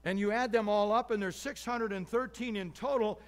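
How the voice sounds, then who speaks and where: A male pastor giving a sermon, telling stories with lively swings between loud and soft delivery. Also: high voice. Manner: animated storytelling with quick shifts in volume. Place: church.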